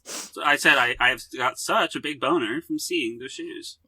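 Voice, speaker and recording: Bright-voiced joking man on a podcast. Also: medium pitch, unhurried, breathy edge. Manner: joking, deadpan crude humor. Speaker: podcast co-host. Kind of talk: casual movie discussion podcast.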